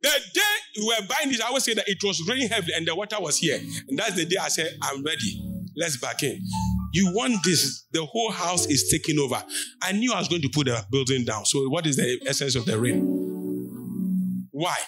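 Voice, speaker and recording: High-pitched, animated Ghanaian preacher. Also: male voice, a little fast, music in the background. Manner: shouting and calling for audience answers. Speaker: pastor. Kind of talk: preaching sermon.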